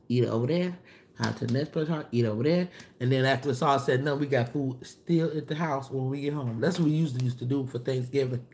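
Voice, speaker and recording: A woman hosting a casual livestream, chatting loosely and reading out viewer comments, her voice jumping up as she greets people. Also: a little hiss or hum. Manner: chatty, reads and answers viewer comments aloud, loose slangy talk; animated, pitch jumps up for greetings. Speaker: livestream host. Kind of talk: casual live-stream chat with viewers.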